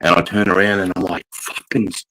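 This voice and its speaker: A man's voice: low voice, flat delivery, fairly quick, sharp tone, slight background noise, rough recording. A man with an Australian accent in casual chat, telling laid-back, swearing-filled stories as a podcast co-host.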